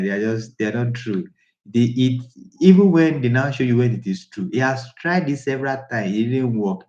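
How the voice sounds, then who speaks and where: A man's voice: medium pitch, a little mellow, muffled recording. A man who coaches traders in a casual live class, talking in an emphatic, repetitive, preachy way. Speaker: trading coach.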